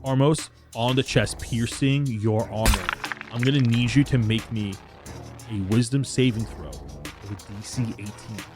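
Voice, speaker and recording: A man narrating a tabletop game as game master, describing scenes in a slow, drawn-out way. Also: medium pitch, fairly even intonation. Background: background music.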